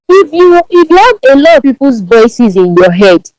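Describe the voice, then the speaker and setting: A woman from Ibadan with a Nigerian Yoruba accent, speaking as a guest on a podcast in an emphatic, animated way and often repeating words. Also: high-pitched, moderate pace, no room sound, poor audio. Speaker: podcast guest, branding strategist. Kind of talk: podcast interview.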